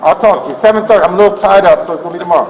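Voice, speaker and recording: A man in his fifties arguing insistently with police, repeating himself and rising to shouts, caught on a body camera. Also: sits high, rapid-fire, a crowd in the background. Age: 50s. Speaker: complaining building occupant. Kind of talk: heated argument with police. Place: indoor building office. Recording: echoey body camera audio from a distance.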